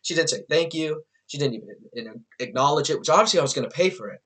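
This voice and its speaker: A young man talks straight to his camera in a casual vlog, spinning a rambling story. His delivery is animated and loose, full of filler words, swearing and bursts of laughter. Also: on the high side, quick pace. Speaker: vlogger.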